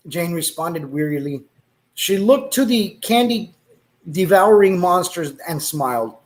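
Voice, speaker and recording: A man's voice: sits high, big pitch swings, takes it slowly, a little mellow. A man reading a story aloud, breaking off to laugh and make asides, with Spanish exclamations.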